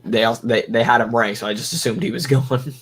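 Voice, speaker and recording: A man's voice: mid-range voice, fairly even intonation, fast talker, a bit bright, a little hiss or hum. A man co-hosting a casual fan stream, bantering and laughing easily. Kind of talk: casual chat.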